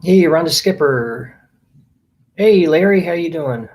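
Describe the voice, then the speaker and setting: Man, fairly high voice, casual live-stream host, greets chat by name, relaxed at-home chatter. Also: takes it slowly. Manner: friendly, reads out viewer names one by one.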